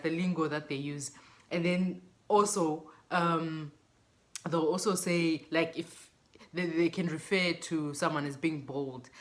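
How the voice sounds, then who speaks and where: A woman from Zimbabwe talks casually to her viewers in a low voice. She tells little stories and slips into brighter voices when she mimics what people say to her. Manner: chatty, storytelling, quotes others in bright mimicking voices. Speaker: vlogger. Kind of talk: casual chat to camera.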